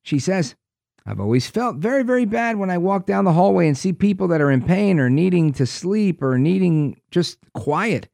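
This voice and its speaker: A man's voice: high-pitched, expressive, normal speed, creaky, a little mellow, no room sound, studio quality. A man hosting a talk radio show, reading news aloud with sarcastic asides.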